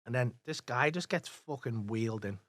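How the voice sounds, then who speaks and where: A man's voice: medium pitch, no room sound. A man, a comedian telling swearing-filled anecdotes in casual podcast chat, acting out what people said. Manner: swears freely, fast animated anecdotes with acted-out quotes. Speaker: comedian guest.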